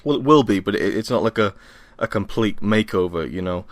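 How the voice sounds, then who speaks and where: Speaking briskly in a lowish voice, a young Welsh podcaster chats on his own at home after a workout, tired and rambling. He's self-deprecating and says um often, and the recording has no room sound.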